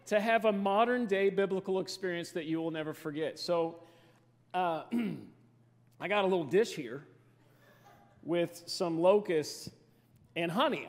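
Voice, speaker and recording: A man, preaching a playful, story-filled sermon and joking with the crowd. His voice sits fairly high for a man. A long reverb from the hall trails after his words. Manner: storytelling, playful, chatty with the audience. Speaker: guest preacher. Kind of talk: humorous sermon to a congregation.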